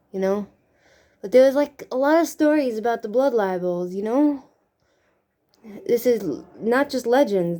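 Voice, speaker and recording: A drag queen with a Brooklyn accent talks casually while putting on makeup. The voice is warm and mellow, sitting in a middle pitch. The talk rambles, with frequent restarts and "you know" tags.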